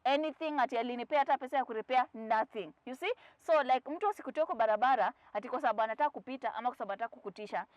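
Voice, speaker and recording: A young Kenyan woman chats to her viewers in a bright, slightly raised voice, mixing English with Swahili and acting out the people in her stories. The sound is dry and close, with no room around it, and a little muffled. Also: on the high side, racing, few pauses, no room sound. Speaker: vlogger. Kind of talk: casual storytelling to camera.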